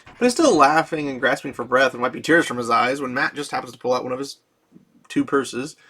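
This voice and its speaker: A man's voice: mid-range voice, a little fast, a bit bright, husky. A man casually retelling a fantasy novel, chatty and laughing often. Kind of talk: casual storytelling recap.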